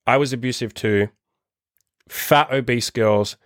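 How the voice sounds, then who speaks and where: A man's voice: mid-range voice, measured pace, no echo, studio quality. A man in his thirties hosting a dating-coach podcast, giving a blunt, profane motivational rant. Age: 30s. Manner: profane, forceful, rambling.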